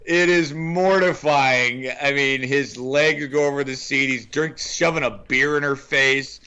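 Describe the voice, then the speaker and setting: A man co-hosting a film podcast in casual chat, making dry, wry remarks and quick asides about the movie. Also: mid-range voice, fairly even intonation, bright, forceful tone, clean tone. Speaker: podcast co-host. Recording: dull lo-fi sound.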